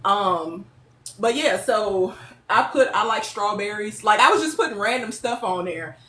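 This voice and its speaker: A woman, telling stories as a guest in a casual interview, lively and quick to laugh. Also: medium pitch. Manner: lively, laughing, chatty storyteller. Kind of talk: casual storytelling. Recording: echoey room with faint ambience.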